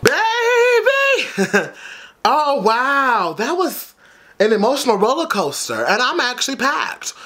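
A man hosting a music video reaction, dramatic, sassy and loud, full of slang. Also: very high-pitched, very animated, unhurried. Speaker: YouTube reaction host. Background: faint music from the video.

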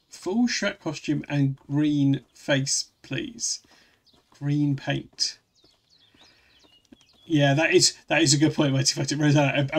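Male streamer, gravelly and a touch high-pitched, loose rambling chat delivery. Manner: rambling, restarts often, reads chat aloud. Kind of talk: casual live-stream chat.

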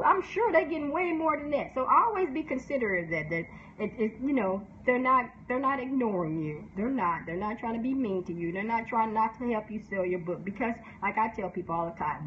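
A high-voiced woman talks casually and candidly, laughing often and briefly putting on other people's voices. Her advice comes across as frank and lively. The sound is a little dull, with a faint hiss behind it. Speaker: book promotion specialist and host. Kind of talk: casual advice talk, live stream. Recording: slightly dull sound with faint background noise.

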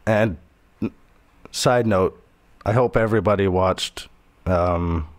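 A man, a singer-songwriter guest on a podcast, in casual chat with a hoarse voice, easygoing and quick to agree with short replies. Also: deep voice. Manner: easygoing, agreeable, many short affirmations and chuckles. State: hoarse, strained voice.

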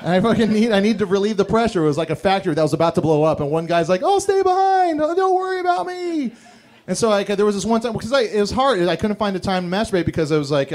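A man's voice: a little high, darkish tone. A young man performing a stand-up routine, telling crude, rambling, self-mocking stories. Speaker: stand-up comedian. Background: audience laughter.

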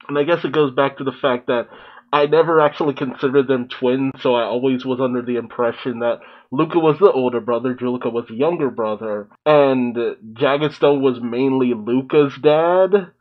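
A man's voice: medium pitch, dull audio. A man giving casual, emotional reaction commentary on a cartoon episode, often exclaiming and laughing. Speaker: reaction video host.

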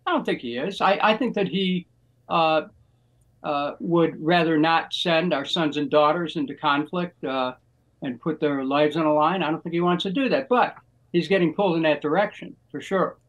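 An older American man speaks as a guest in a political interview. His voice sits a bit high for a man, and he talks in a slow, deliberate way with many pauses. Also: muffled recording. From United States. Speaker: guest, former congressman.

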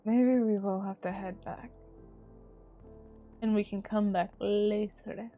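A woman streaming a game, chatting casually and swearing at it in sudden loud bursts. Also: medium pitch, fairly even intonation, slow pace, dull audio, faint music behind. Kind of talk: casual gaming commentary.

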